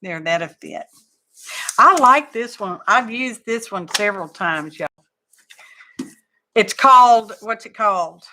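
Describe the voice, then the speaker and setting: Slow-talking Texan woman, bright tone. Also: mid-range voice, animated, a little hiss or hum. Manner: rambling, folksy storytelling with asides. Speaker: livestream crafting host. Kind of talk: casual livestream chat.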